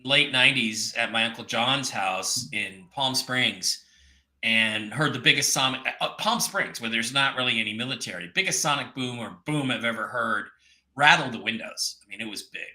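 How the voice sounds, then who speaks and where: Guy cohosting a live show, very bright voice, jokey, kinda echoey room. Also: medium pitch, normal speed. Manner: jokey, reads out messages. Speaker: co-host reading viewer questions. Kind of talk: casual live show chat.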